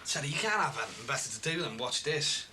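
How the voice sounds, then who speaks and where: A man's voice: medium pitch, sing-song, quick pace, lightly acted. An actor playing a cocky man who teases and brags about his money. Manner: smug, teasing, boastful. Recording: noisy TV broadcast sound.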